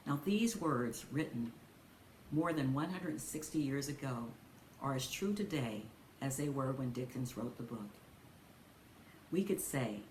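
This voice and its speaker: An older woman minister giving a sermon, telling stories in a gentle, folksy way. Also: deep voice, slight background noise. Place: church. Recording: echoey room with faint ambience.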